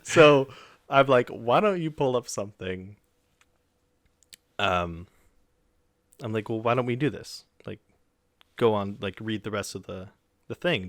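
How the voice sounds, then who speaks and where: This young man co-hosts a podcast and retells a story casually, voicing the people he quotes with animation and mild swearing. His voice is lowish, his speed normal, and he pauses often. There is no echo.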